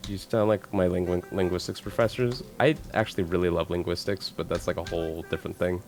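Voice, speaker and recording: A man chatting on a live stream, ranting in a profane, animated way full of restarts and swearing. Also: low-pitched, fast. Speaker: streamer co-host. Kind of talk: casual live-stream chat.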